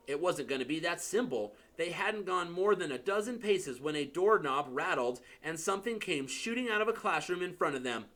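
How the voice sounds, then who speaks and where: A man narrating an audiobook in an expressive, dramatic storytelling manner. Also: fairly high pitch, moderate pace, hardly any pauses. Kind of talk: audiobook reading.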